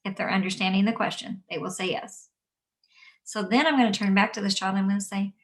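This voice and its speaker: A woman who teaches young children, explaining calmly and gently and acting out what she says to kids. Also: mid-range voice, quick pace, far from the mic. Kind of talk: instructional talk. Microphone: camera mic at a distance.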